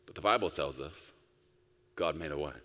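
A male pastor preaching a sermon, emphatic, swinging between loud bursts and soft, quiet stretches. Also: rumbling low, moderate pace. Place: church sanctuary. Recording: long reverb of a large hall.

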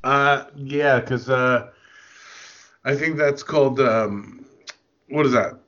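Male podcast co-host, unhurried crude banter, laughs a lot, muffled lo-fi sound. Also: mid-range voice, a bit bright. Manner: slow, laughing often, loose storytelling. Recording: dull lo-fi podcast audio.

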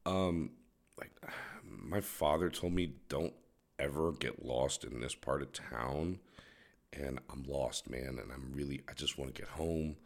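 Man doing a timid lost young man, polite, pleading, hesitant, deep and quiet. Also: unhurried, full character voice.

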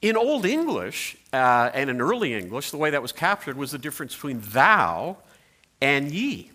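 A man's voice: mid-range voice, moderate pace. A middle-aged man preaching a sermon, telling stories with playful asides. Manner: animated storytelling with playful asides. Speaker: pastor.

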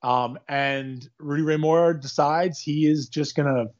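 A man co-hosting a casual chat about a movie, retelling scenes in a rambling, animated way with quick quoted asides. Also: a little high. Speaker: podcast co-host. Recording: dull lo-fi sound.

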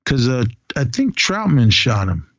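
A man's voice: medium pitch, big pitch swings, unhurried, fairly bright tone, no echo. A man hosting a casual movie chat, retelling scenes in a rambling way with many restarts. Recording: dull lo-fi dry recording.

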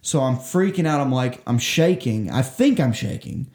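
In an echoey room, a young man rambles through a long personal story during casual conversation, his speech profane and full of false starts. His voice sits at medium pitch with a slightly mellow quality, animated but at an ordinary speed.

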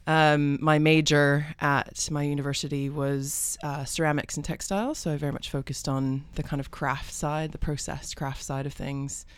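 A woman with a mixed American and British accent talks through her background in a loose, rambling way, dotted with ums and easy laughs. Her voice is smooth and clean, recorded dry and close in a podcast studio. It is relaxed guest talk on an interview show. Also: low-pitched, normal speed, hardly any pauses, dry recording. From United States. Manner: chatty, rambling storyteller with frequent fillers and laughs. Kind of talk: conversational interview.

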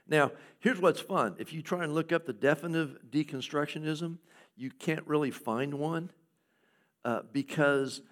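A pastor preaches to his church in a relaxed, talky manner. He has a voice of ordinary pitch for a man and often fills pauses with "uh". When he acts out doubting questions, he lifts his voice higher. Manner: conversational preaching with laughs and fillers. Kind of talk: sermon.

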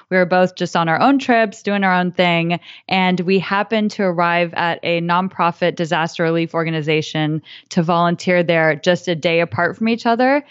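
An American woman chatting as a podcast guest, cheerful and quick to laugh. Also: fairly low pitch, clean tone, no room sound, highs cut off. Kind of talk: casual conversation.

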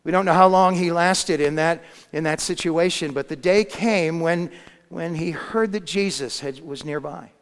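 Preacher, man, storytelling sermon with restarts and dramatic swells and hushes, slightly high voice, long hall reverb. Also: normal speed, clear, resonant tone.

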